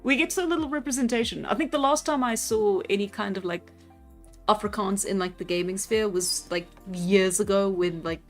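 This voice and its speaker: A young South African woman hosts a live stream, talking casually at normal speed with a medium-pitched voice. She laughs often while reading out and answering chat comments, with faint music playing behind her.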